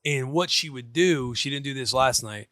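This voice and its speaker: A man in his thirties, co-hosting a casual chat and telling a lively story about his young daughter, acting out both sides. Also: medium pitch, normal speed, dry recording, studio quality. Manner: excitable, acts out his daughter and himself in quotes. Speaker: podcast co-host, former football player.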